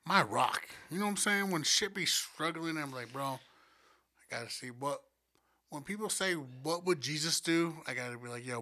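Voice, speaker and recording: A male podcast host with a bright, forceful voice that sits a touch high, telling stories in a loose, animated way. He swears constantly and acts out the quotes in his stories. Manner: profane, animated storytelling with acted quotes. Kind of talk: casual storytelling chat.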